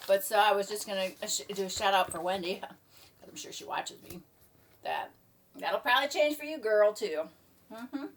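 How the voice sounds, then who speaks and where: A woman's voice: mid-range voice, normal speed, distant mic, a little hiss or hum. A middle-aged woman chatting casually in her home kitchen, rambling and trailing off into asides. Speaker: vlogger. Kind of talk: casual chat.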